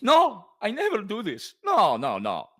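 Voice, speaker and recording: A shrill, excitable little man, as a man puts him on in a comedy table read. He squeals his lines in a piercing high voice that leaps wildly up and down. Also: a little slow, full character voice. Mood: panicked. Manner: squealing, high-pitched protests.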